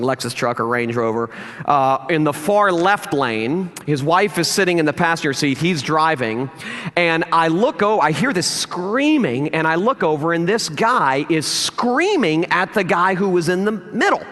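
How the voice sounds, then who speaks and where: Male pastor, high and very animated delivery, storytelling sermon, recorded in a reverberant church hall. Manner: animated storytelling, acts out quoted lines.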